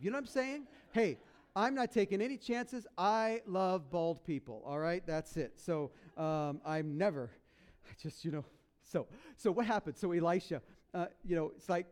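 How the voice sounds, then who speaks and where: High-voiced man preaching with jokey flair. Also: normal speed. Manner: animated, jokey storytelling with put-on voices. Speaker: pastor. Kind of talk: sermon.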